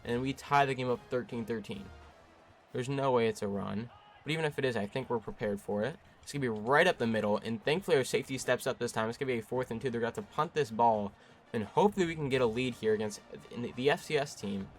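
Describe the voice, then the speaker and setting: A young gaming YouTuber gives play-by-play commentary over his own video game, jumping between excited bursts and frustrated, flat stretches. His mid-range voice moves fast, with faint music behind it.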